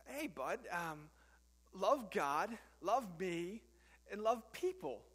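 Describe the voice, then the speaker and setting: A man voicing God as a gentle, patient father, soft and reassuring. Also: high voice, very animated, takes it slowly, slightly rough, big-room sound, full character voice.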